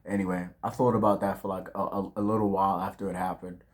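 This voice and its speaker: A man's voice: deep voice, flat delivery, fast. A man of twenty in a casual, reflective vlog monologue, full of slang and fillers, talking outdoors at dusk. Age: 20s. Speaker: vlogger.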